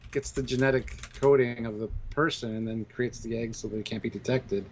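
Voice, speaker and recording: A man co-hosting a live review stream reads out super chat donations upbeatly and explains points in casual discussion. His medium-pitched voice has fairly even intonation and a moderate pace. The audio is slightly dull and lo-fi, with slight background noise.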